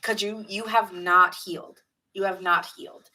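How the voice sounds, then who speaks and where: A woman with a New York accent gives a live tarot reading, chatting loosely and greeting viewers. Her voice is bright and forceful. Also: mid-range voice, fairly even intonation, moderate pace, poor audio. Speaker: tarot reader.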